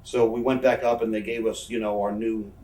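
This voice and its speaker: A man's voice: fairly low pitch, little pitch movement, a little fast, dark tone, recorded from a distance. A man in his thirties telling stories in a candid interview, rambling and swearing freely. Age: 30s. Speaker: professional wrestler interviewee. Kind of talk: candid shoot interview storytelling. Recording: roomy, voice from away from the mic.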